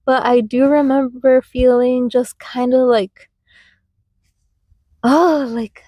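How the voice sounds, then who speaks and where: A woman's voice: high voice, level tone, a little slow, no echo, highs cut off. A young woman hosting a podcast, telling personal stories in a rambling way with many fillers and restarts. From United States, Mexican family. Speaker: podcast host. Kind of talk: casual reflective storytelling.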